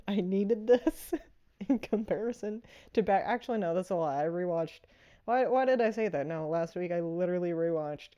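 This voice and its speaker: A woman's voice: medium pitch, warm tone. A woman giving a casual, rambling movie review, full of fillers and frequent laughter.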